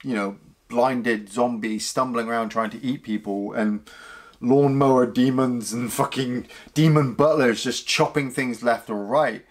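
A man co-hosting a casual film review podcast, animated and swearing freely. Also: a little slow, a little hiss or hum. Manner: animated, swears casually, mimics lines in a high voice. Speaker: podcast co-host reviewing films.

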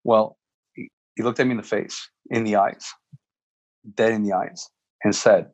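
A man co-hosts a relaxed podcast chat, telling stories with animated energy and repeating phrases for emphasis. His voice is husky and mid-pitched. The sound is dry and close to the mic. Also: a little slow, long pauses, no echo. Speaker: podcast co-host. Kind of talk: casual chat.

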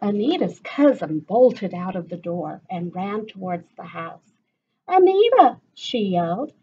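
A woman's voice: lowish voice, measured pace, warm tone, muffled recording, slight background noise. A woman teacher reading a picture book aloud to children, stopping to ask them questions. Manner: stops to ask listeners questions.

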